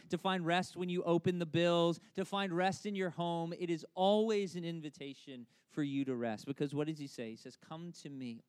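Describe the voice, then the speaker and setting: A middle-aged man preaching a sermon as a pastor, in a conversational, animated way with frequent fillers. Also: a little high, smooth, dry recording.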